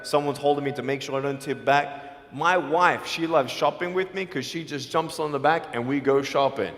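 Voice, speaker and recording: A man giving an emphatic motivational speech to students on stage, shifting between quiet lines and shouting. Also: a little high, moderate pace, slight background noise. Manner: emphatic, swings from soft to shouting. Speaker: motivational speaker. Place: large hall on stage. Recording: long hall reverb, faint music.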